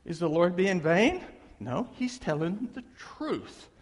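Animated preacher in a reverberant hall. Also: male voice, high-pitched, slow, husky. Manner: animated, emphatic, acts out quotes. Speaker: pastor. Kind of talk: sermon. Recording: long reverb of a big hall.

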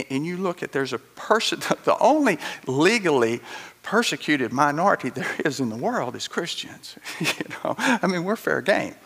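A man preaching a sermon with animated storytelling, acting out the voices in his stories with chuckling asides. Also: sits high, vocal fry.

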